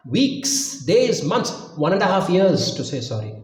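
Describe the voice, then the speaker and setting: A man preaching in a lively, high-pitched voice that swoops all over. He hammers home his points with emphatic repetition. The sound is roomy and echoey, as if picked up from across the room. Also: unhurried, few pauses, recorded from a distance. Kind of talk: sermon with storytelling.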